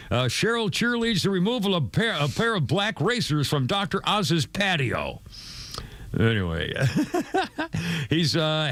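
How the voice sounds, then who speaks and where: A male talk radio host riffs on the news in a loose, rambling way, tripping over his words and circling back often. His voice sits a little high for a man. The studio sound is close and dry. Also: a bit bright, dry recording. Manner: rambling with frequent stammers and restarts. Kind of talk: casual talk radio commentary. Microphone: studio microphone.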